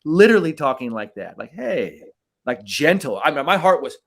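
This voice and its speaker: A man co-hosting a podcast as a mental skills coach, telling a story in a casual, animated way, swearing now and then and often checking in with "right?". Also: a little high, fairly quick.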